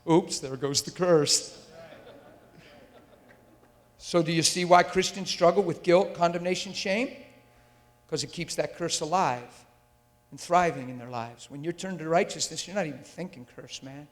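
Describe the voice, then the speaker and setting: Male preacher, high-ish voice, fiery and emphatic, long hall reverb on the mic. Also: unhurried, pauses often. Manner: intense and emphatic, with rhetorical questions to the audience. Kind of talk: sermon. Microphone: handheld or stand mic.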